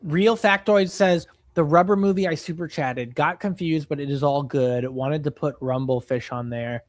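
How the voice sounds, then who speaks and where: Young man with a high, dry voice. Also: normal speed, dry recording. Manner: relaxed, reads chat and polls aloud, retells comedy sketches. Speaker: co-host of a movie reaction stream. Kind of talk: casual live-stream chat.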